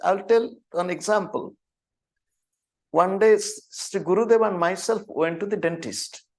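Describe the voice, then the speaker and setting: A man in his fifties, a spiritual teacher telling stories slowly and deliberately, repeating words for emphasis. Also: sits high. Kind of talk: storytelling spiritual talk.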